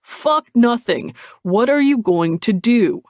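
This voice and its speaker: A man voicing a blunt, pushy tough guy from a rough background in an audiobook, curt and quick to curse. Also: high voice, expressive, no room sound, studio quality. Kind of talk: audiobook character voice.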